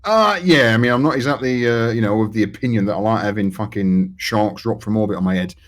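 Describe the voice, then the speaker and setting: A man's voice: on the low side, fast talker. A man playing a tabletop role-playing game, rambling and swearing as he plans with the group. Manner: rambling, swears often, lots of fillers. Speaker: player. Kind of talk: casual tabletop play chat.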